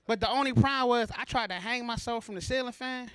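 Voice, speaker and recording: High-voiced man from Baltimore doing stand-up. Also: fast, fairly bright tone. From Baltimore, USA. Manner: loose, conversational, self-mocking delivery. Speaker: stand-up comedian. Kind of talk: stand-up comedy set. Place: comedy show stage before a live audience.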